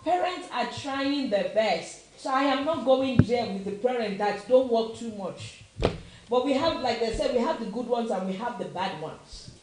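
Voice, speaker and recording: A middle-aged Nigerian woman with a Nigerian accent delivers an impassioned opinion talk as a commentator, her voice on the high side at a moderate pace. She's emphatic, repeats her questions, and slips into Yoruba phrases, all in a very echoey room with faint noise.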